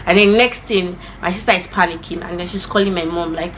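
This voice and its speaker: A young adult woman telling a personal story in a casual vlog, animated and acting out the voices of the people in it. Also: on the low side, fairly quick, a little hiss or hum. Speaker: vlogger.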